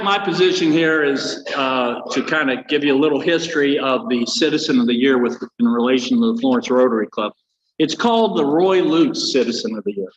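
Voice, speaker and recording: A man's voice: a little high, slight background noise. Older man, folksy joke-telling, rambling fillers, echoey hall, muffled sound. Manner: rambling, many fillers and restarts. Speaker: guest speaker.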